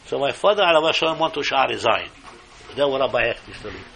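An older man from Morocco, giving an animated, emphatic storytelling sermon and slipping Hebrew phrases into his English. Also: medium pitch, fairly quick, creaky, a little hiss or hum. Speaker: speaker giving a religious talk.

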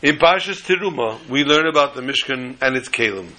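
A man tells a story in a sermon with a bright, forceful voice at a middle pitch. He teaches religion in an animated way and scatters Hebrew and Yiddish terms through the tale. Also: a little fast, rough recording.

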